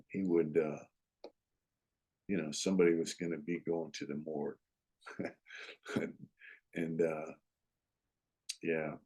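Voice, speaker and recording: Laid-back middle-aged man, slightly low voice. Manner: laid-back, full of "you know" and "uh", chuckles often; blunt street slang and cursing. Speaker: storyteller, former prisoner. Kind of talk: casual storytelling.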